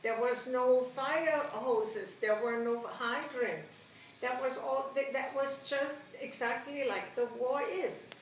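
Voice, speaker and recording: Older woman, oral history storytelling, fairly high voice, echoey room, mic at a distance. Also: slow. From Germany. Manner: animated, laughs often, acts out quotes. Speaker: interviewee recounting childhood. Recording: roomy, distant mic, faint noise.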